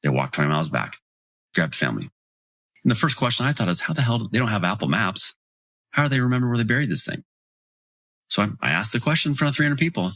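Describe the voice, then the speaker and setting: A man in his forties telling lively stories as a podcast guest, acting out the people he quotes. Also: on the low side, quick pace, long pauses, dry recording, studio quality. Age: 40s. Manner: animated storyteller, acts out quoted voices. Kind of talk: storytelling in podcast interview.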